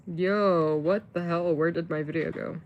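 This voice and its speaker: A woman's voice: on the low side, fairly even intonation, measured pace, muffled recording, a little hiss or hum. A woman livestreaming in casual chat, rambling with lots of fillers and swearing when frustrated.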